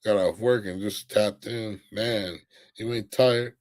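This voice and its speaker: A young man hosting a late-night live stream, worn out and ready for bed. His voice sits a little low as he trades crude, mocking jokes and reads out comments from his viewers. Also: fairly even intonation, slow, darkish tone. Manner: crude, mocking trash talk, often laughing. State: tired. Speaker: livestream host. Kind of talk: casual livestream chat.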